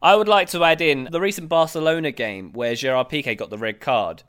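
British guy chatting football, smooth voice, gets animated telling stories. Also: fairly high pitch, a little fast. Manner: animated storyteller, acts out fans in a raised voice. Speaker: podcast co-host. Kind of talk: casual chat.

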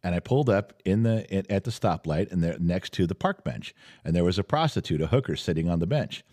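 A middle-aged man hosting a podcast, telling a story in casual chat with animated, exasperated delivery. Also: low-pitched, fast. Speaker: podcast host. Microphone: studio podcast mic.

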